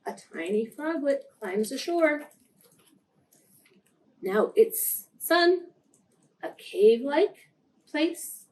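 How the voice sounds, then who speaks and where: A woman reads picture books to preschoolers at a slow, unhurried pace, her voice sitting a little higher than most. She speaks gently and keeps stopping to ask the children questions. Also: animated. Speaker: children's story time reader.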